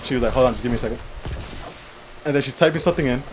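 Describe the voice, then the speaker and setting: A man's voice: mid-range voice, racing, slight background noise, rough recording. A young man co-hosting a casual chat show, telling a long rambling story and often saying "how you call it". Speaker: podcast co-host.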